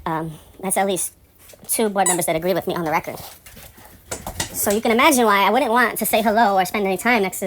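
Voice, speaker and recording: A woman telling a story about her building in a casual monologue, rambling and profane, turning indignant and loud when exasperated. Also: medium pitch, a little hiss or hum.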